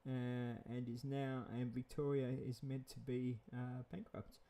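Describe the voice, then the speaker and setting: A man talks casually in a vlog, drifting from one thought to the next. He repeats words and chuckles often, and his voice sits at a middle pitch. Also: flat delivery, measured pace, mellow. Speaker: vlogger. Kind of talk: casual rambling monologue.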